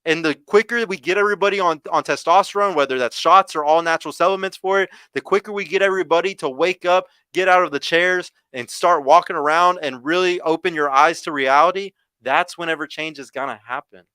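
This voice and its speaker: A young man with a drawl rants heatedly on a podcast livestream, tripping over his own words and repeating himself. His voice is bright and forceful, crisp and clear, and the recording is close and dry. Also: fairly high pitch, brisk, few pauses, no room sound. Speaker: podcast host.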